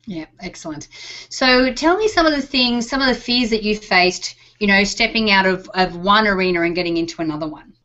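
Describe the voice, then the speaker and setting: A woman's voice: medium pitch, expressive, brisk, sharp tone. A woman with a Texas accent hosting an interview, friendly and chatty with lots of fillers. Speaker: host. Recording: dull lo-fi sound.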